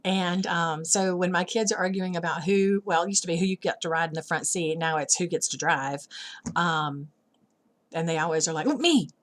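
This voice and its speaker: A woman's voice: on the low side, flat delivery, normal speed, slight background noise. A middle-aged woman giving an informal church talk on parenting, chatty and self-deprecating, with many ums. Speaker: church teacher.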